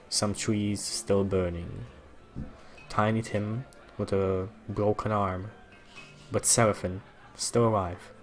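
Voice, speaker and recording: Man narrating a tabletop tale, low voice, slow and halting, faint music behind. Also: a bit bright. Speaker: storyteller in a tabletop game. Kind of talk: improvised storytelling.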